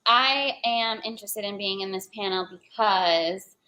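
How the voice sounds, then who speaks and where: A woman panelist with a bright, clear voice speaks slowly and calmly on a video call. She introduces herself in a friendly, measured tone. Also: medium pitch, poor audio.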